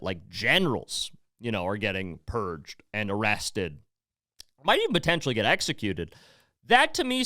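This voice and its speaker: An American man hosting a podcast in a loose, rambling way, full of asides and fillers. His voice is smooth and clear, and his pitch moves a lot. The sound is close and dry, with no room echo. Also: sharp tone. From United States. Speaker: podcast host. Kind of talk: casual news commentary.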